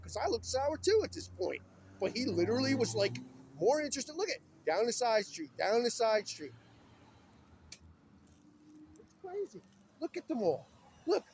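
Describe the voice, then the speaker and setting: A man's voice: extremely high pitch, a little mellow, a little hiss or hum. A man talking in an agitated, urgent and rambling way while filming himself on his phone outdoors beside a busy road. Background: passing vehicles.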